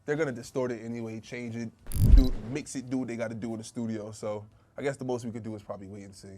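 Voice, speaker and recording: A man's voice: mid-range voice, fairly even intonation, fast, dark tone, slight background noise. Laid-back, teasing man in casual chat. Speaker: podcast co-host. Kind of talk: casual pop-culture chat.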